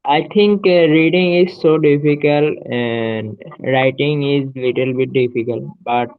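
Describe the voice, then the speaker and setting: Slow-talking man on a tinny line. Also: mid-range voice, smooth, no echo. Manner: slow, halting phrasing. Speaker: English learner. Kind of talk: casual practice chat.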